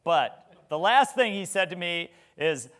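A man's voice: high voice, expressive, measured pace, a bit bright. A middle-aged man preaching a sermon in a conversational way, with rhetorical questions and frequent restarts. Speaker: pastor.

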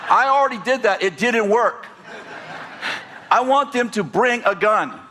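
A man preaching a sermon, animated and joking as he tells stories to his congregation. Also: high-pitched, unhurried, background noise. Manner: animated, storytelling with humor and asides. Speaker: pastor.

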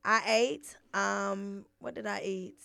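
A woman co-hosting a casual podcast chat, tired after a long day, laid-back and quick to laugh. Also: medium pitch, steady tone, creaky, bright, forceful tone, clean tone. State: tired, yawning. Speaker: podcast co-host.

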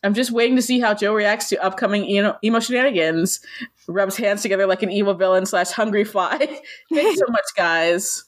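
A woman's voice: mid-range voice, a little fast. A woman co-hosting a podcast in casual chat, reading listener reviews aloud in a playful, teasing way and laughing often. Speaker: podcast co-host.

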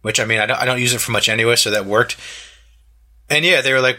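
A man in his thirties chats casually with a bright, forward tone. He rambles through a story, full of "like" and restarts, slipping into quick impressions of the people he met. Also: mid-range voice. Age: 30s. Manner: rambling storyteller, many fillers and restarts, acts out quotes. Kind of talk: casual chat.

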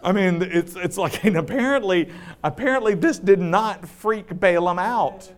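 A man preaching a sermon, retelling scripture in a conversational way with joking asides and laughter, and dropping low and slow when he reads the text.

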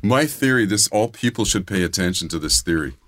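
A middle-aged man trading crude stories on a podcast, his voice very low and dry. He swears freely and sinks into quiet mutters when he grumbles. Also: animated, a little fast, no echo. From grew up outside California. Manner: profane storyteller, drops to low mutters. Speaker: podcast co-host. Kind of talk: casual chat.

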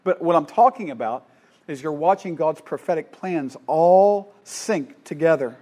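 A man preaching a sermon, fervent, swinging between loud declarations and quiet asides, with frequent restarts. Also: on the high side, animated, a little slow. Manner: fervent, rising and falling, with many restarts.

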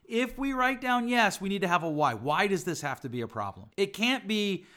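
A man's voice: high-pitched, very animated, moderate pace, sharp tone. A middle-aged man hosting a podcast, teaching on relationships in an emphatic way, building his points through repeated lists and rhetorical questions. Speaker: podcast host, relationship speaker.

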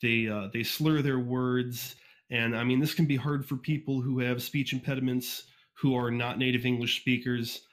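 A man from Northeast Ohio talks in a loose, casual podcast chat. He tends to rush his words and leans on fillers and quick restarts. His voice sits at an everyday middle pitch, picked up cleanly by a USB condenser mic. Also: fairly even intonation. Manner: fast-talking, informal, frequent fillers and restarts. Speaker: podcast guest, fan audiobook reader. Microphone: USB condenser microphone.

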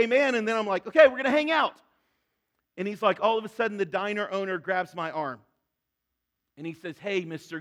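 High-voiced male pastor telling a story. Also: fairly bright tone. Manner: storytelling, acting out quoted speakers. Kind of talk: sermon.

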